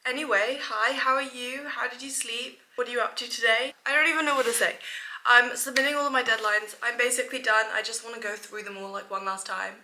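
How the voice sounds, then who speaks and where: A young woman vlogging to camera in a chatty, excitable, self-mocking way. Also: fairly high pitch, fairly quick, slight background noise. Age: young adult. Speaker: student vlogger. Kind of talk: casual vlog talk to camera. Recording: echoey room sound.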